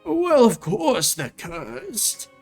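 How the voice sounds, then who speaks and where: A man plays a cheerful elderly scholar wizard in a tabletop game, bursting with excitement and fumbling apologies. His voice sits well above the player's own and swings widely. The game plays out over faint background music. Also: sits high, extremely slow, pitched above the performer's own voice, exaggerated voice. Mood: flustered delight.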